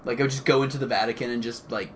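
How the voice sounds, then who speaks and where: A man's voice: mid-range voice, fairly even intonation, a little hiss or hum. A man co-hosting a podcast, joking and riffing playfully in a casual chat. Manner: playful, riffs and jokes with quick restarts. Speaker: podcast co-host.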